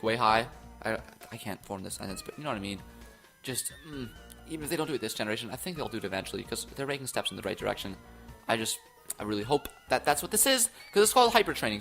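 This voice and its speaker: A young man casually commenting on game news, rambling and excitable, often restarting his sentences into his own microphone. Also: mid-range voice. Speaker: gaming YouTuber. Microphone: own desk microphone.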